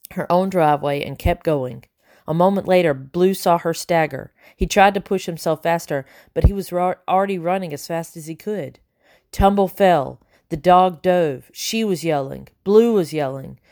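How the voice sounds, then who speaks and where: Brief: woman audiobook narrator, lower voice, dry close sound, animated storytelling. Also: no echo. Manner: lively, voices the characters. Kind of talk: scripted narration.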